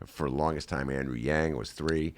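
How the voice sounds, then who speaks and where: A man's voice: very deep voice, steady tone, moderate pace, no room sound. A man hosting a podcast, rambling and jokey in casual chat. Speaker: podcast host. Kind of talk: casual talk-show chat and read ad.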